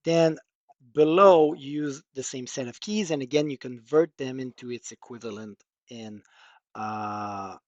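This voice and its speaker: A man's voice: medium pitch, measured pace, no room sound, dull audio. A man with a French accent presenting a technical workshop walkthrough, explaining with many hesitant fillers.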